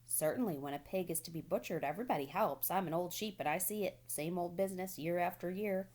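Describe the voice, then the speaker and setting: A woman's voice: fairly low pitch, quick pace, darkish tone, lightly acted. Woman doing a blunt, gossipy old sheep. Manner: blunt and matter-of-fact.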